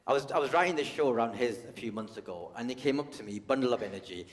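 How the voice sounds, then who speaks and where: A man's voice: mid-range voice, animated, fast talker, hardly any pauses. A stand-up comedian, a man, talking conversationally and teasing the audience on a large theatre stage. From United Kingdom. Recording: long hall reverb.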